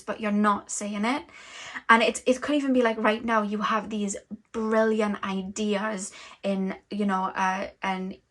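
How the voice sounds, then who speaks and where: Woman tarot reader, flat-toned. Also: a little high. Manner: flowing, rambling, many fillers. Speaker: tarot reader and energy channeler. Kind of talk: intuitive tarot reading.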